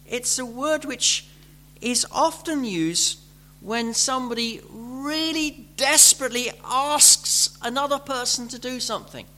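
A man preaching a sermon, building from gentle explanation to fervent, pleading emphasis. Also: very high voice.

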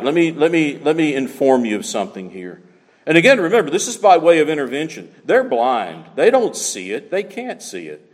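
Lively high-voiced preaching man in a hall. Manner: emphatic preaching, repeats key words for effect. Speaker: pastor. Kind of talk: sermon.

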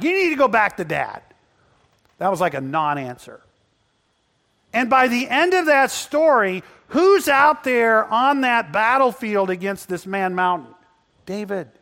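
A pastor preaches to a congregation in a church building, telling Bible stories animatedly and acting out biblical characters. His voice sits high in a big-room sound, swinging between loud, excited passages and hushed, quiet ones.

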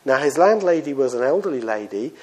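A man preaching a sermon in a conversational, storytelling style, often pausing with fillers. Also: mid-range voice, very animated, darkish tone, slightly rough.

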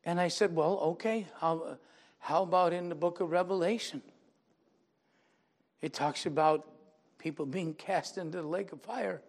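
A man's voice: on the high side, a little slow, creaky, pauses often. An older man, a pastor, preaching a sermon and telling a personal testimony, acting out the people he quotes in dialogue and rising into emphatic preaching.

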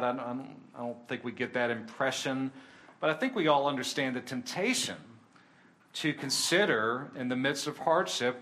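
A man's voice: fairly high pitch, fairly bright tone. Earnest male preacher. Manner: earnest, rising in intensity on key points. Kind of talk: sermon.

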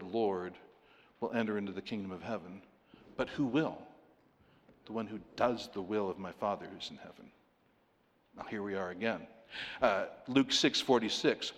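A man preaching a sermon, animated and playful, acting out the voices of people in his story with laughs. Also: fairly low pitch. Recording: long hall reverb.

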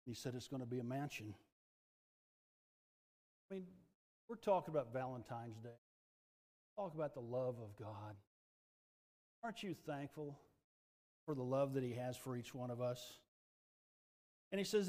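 A middle-aged man preaching a sermon, fervent, dropping to a hush and then rising loud again. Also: medium pitch, expressive, measured pace, long pauses, in a large hall. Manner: fervent, swings between hushed and loud. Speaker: pastor.

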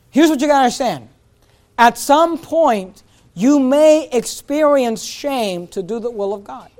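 High-voiced preaching pastor, man. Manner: forceful, emphatic preaching with repetitions. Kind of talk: sermon.

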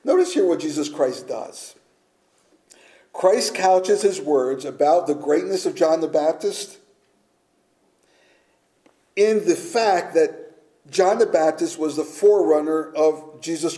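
A man preaching a sermon, emphatic, shifting between loud declarations and hushed, almost whispered lines. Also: a little high. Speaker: pastor.

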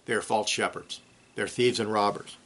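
A man preaching a sermon, swinging between loud emphatic peaks and low, quiet drops. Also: steady tone, moderate pace. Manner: clears throat now and then.

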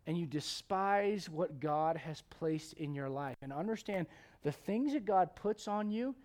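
A man preaching a sermon as pastor, conversational with jokes, swinging from loud emphatic peaks to hushed low passages. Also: lively intonation, measured pace.

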